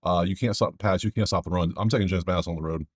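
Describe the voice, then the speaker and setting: Casual betting host, man, low voice, dry close mic, chatty and digressive. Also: racing, breathy edge, no echo. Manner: rambling, joking asides to viewers.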